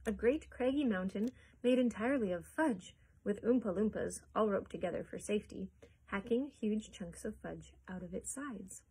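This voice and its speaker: Breathy woman reading a children's story. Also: mid-range voice, a little mellow, low-quality recording. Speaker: children's librarian. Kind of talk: storybook read-aloud.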